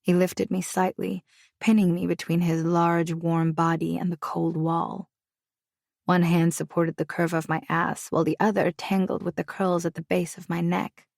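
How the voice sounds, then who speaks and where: A woman's voice: on the low side, flat delivery, normal speed, gravelly, darkish tone, no echo, clean studio sound. A woman narrating a romance audiobook in the first person, intimate and confessional.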